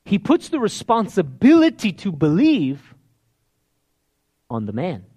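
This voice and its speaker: Animated preacher man acting out scripture. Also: high-pitched, unhurried, husky. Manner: animated, acts out quoted pleas in hushed then loud voices. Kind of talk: sermon.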